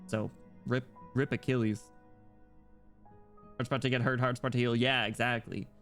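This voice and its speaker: A man's voice: mid-range voice, flat delivery, moderate pace, fairly bright tone. A man streaming a game, chatting casually in a rambling, filler-heavy way. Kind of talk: casual game stream chat and reading game dialogue. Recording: faint music behind voice.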